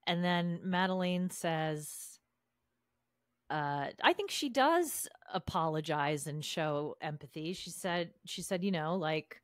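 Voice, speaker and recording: A woman's voice: on the low side, slow, no room sound. Chatty woman, dry close sound. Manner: animated, chatty, quotes people in put-on voices. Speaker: podcast co-host. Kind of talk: casual recap chat.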